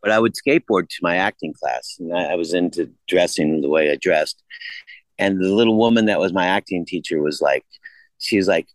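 A man's voice: low voice, brisk, no room sound, rough recording. A man casually telling rambling, profane stories and acting out the dialogue. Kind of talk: casual conversation.

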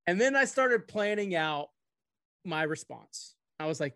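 A man from Houston with a fairly high voice, co-hosting a casual sports podcast. He rambles, jokes and swears freely as he tells his stories. His voice sounds dry and close to the mic. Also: lively intonation, unhurried, fairly bright tone, smooth, dry recording. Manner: rambling, joking, profane. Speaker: podcast co-host.

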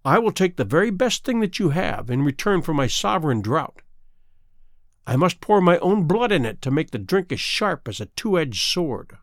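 A man voicing a cruel, scheming female sea witch in a storybook reading, with a slow, taunting delivery. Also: fairly high pitch, big pitch swings, dry recording, studio quality.

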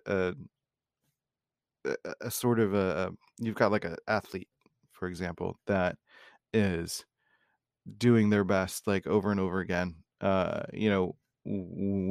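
A man with a very low, gravelly morning voice hosts his own podcast. He talks in a loose, reflective ramble, full of fillers and restarts. The recording is close and dry. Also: darkish tone, dry recording. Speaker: podcast host. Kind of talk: casual solo podcast monologue.

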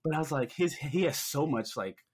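A man hosting a podcast in a casual, excitable way, with loose phrasing and frequent laughs. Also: fairly high pitch, normal speed, husky. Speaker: podcast host. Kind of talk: casual chat.

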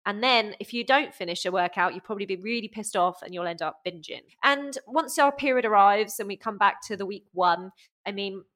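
A woman on a podcast as a guest fitness coach, talking in a lively way and acting out inner voices with big jumps in pitch. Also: fairly quick. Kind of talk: casual podcast interview.

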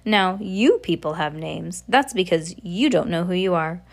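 A woman's voice: lowish voice, expressive, vocal fry. A woman voicing a dry, aloof black cat. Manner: dry, superior, unhurried. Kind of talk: storybook read-aloud.

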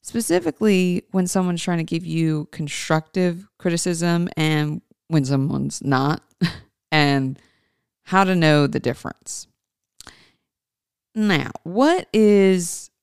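A woman hosts a podcast at an unhurried, easygoing pace, her lowish voice edged with a gravelly fry. She keeps it chatty and informal, speaking straight to her listeners. The sound is close and dry, with a smooth, resonant tone. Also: a little mellow, no room sound. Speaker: podcast host. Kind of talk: casual podcast chat.

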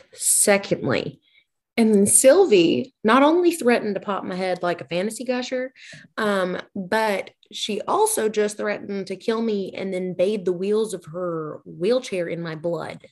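A woman playing a tabletop game, talking quickly as she explains her character's moves. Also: mid-range voice, expressive, darkish tone. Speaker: player. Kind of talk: casual chat at a tabletop game.

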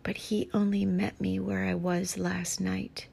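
Lady podcast host, scratchy gravelly voice, slow and breathy, kinda teary. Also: medium pitch, level tone, warm tone. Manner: heartfelt, often half-whispered. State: tired, near tears. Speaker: podcast host, Christian life coach. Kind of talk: emotional casual podcast talk.

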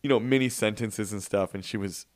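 Middle-aged male co-host, lower register, animated and laughing storyteller, dry booth sound. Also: fairly quick, no room sound. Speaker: podcast co-host. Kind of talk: casual chat.

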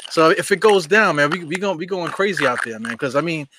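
A man's voice: on the high side, animated, fairly quick, background noise. Rambling Brooklyn man. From Brooklyn, New York. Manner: rambling, many fillers, streetwise slang. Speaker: podcast host. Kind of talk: casual sports podcast chat.

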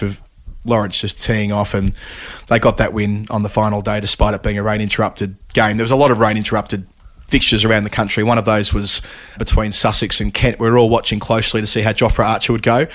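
A man's voice: on the low side, a bit bright. A man co-hosting a podcast, chatting casually about cricket results with lots of asides. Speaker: podcast co-host.

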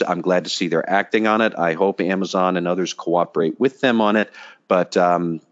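A man on a casual panel chat, giving a measured, explanatory commentary. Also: low-pitched. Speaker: podcast panelist. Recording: dull lo-fi audio.

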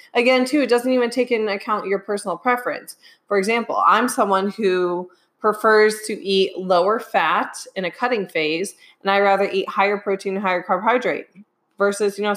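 A woman's voice: on the low side, a bit bright. A young woman, a nutrition coach, talking casually in a live question-and-answer chat, emphatic and often checking in with "okay?". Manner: chatty, emphatic, keeps asking "okay?".

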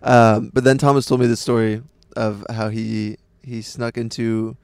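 A man's voice: fairly low pitch, flat delivery, a little slow, clear, resonant tone, no room sound. A man who is a podcast guest, chatting casually and joking at his own expense. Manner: joking, self-mocking. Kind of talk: casual chat.

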